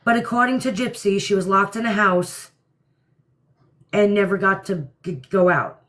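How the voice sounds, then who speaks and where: A woman from New Jersey with a New York-area accent hosts a casual livestream, answering viewer comments bluntly and with strong opinions. Her voice sits in the mid-range, slightly bright, at a normal speed.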